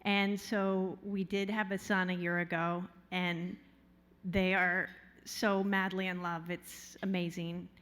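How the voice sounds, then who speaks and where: Earnest woman with a flat, even delivery. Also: fairly low pitch, clear, resonant tone. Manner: earnest and measured, with a dry, understated humor. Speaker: award honoree giving an acceptance speech. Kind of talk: sincere acceptance speech. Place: large hotel ballroom.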